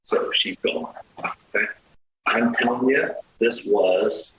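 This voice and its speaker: A middle-aged man telling a dating story as a podcast guest, animated, swearing and acting out the quoted lines. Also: medium pitch, slow, roomy sound, slight background noise, rough recording. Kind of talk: casual storytelling.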